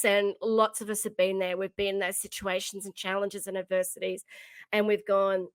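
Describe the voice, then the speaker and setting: Heartfelt and emphatic, this middle-aged leadership coach repeats her key phrases on her motivational podcast. Her mid-range voice is clear and resonant, with a flat delivery at normal speed and no room sound.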